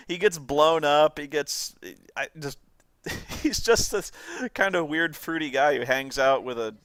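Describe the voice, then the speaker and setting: A man's voice: a little high, slow, smooth, no room sound. A man giving a casual, rambling commentary on a video, often laughing as he talks. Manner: rambling, laughing, lively storytelling.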